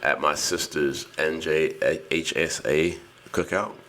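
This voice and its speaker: A man's voice: extremely low pitch, fairly even intonation, takes it slowly, pushed and bright. A man in his thirties from New Jersey, co-hosting a podcast and telling a story casually, laughing often and swearing freely. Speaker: podcast co-host.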